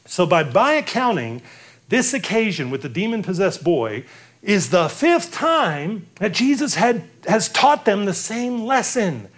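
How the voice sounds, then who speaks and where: Guy preaching a sermon, pretty high voice, acts out the quotes. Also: sing-song, a little slow, fairly bright tone. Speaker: pastor.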